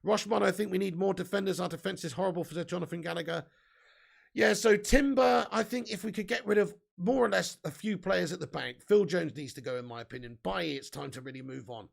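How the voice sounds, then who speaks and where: A chatty young man hosts a live fan news stream and reads out viewers' comments as they come in. His voice sits fairly high and carries a heavy gravelly rasp. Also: fast, few pauses. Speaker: fan channel host.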